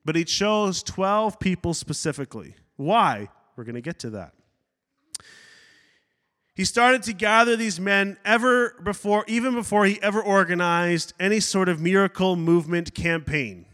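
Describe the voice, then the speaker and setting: A man's voice: sits high, normal speed, sharp tone. A man pastor giving a sermon, preaching with energy, adding asides and acting out quotes. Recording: long hall reverb.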